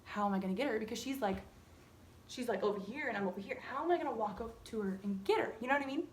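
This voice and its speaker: A young woman vlogger telling a story in casual chat, animated and swearing freely as she dramatizes it. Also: a little high, racing, a little hiss or hum.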